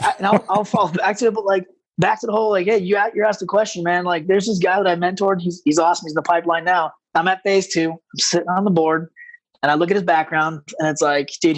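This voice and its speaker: A man telling stories as a guest on a casual podcast, animated and rambling, with lots of fillers. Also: high-pitched, brisk, rough recording. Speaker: podcast guest, combat rescue officer.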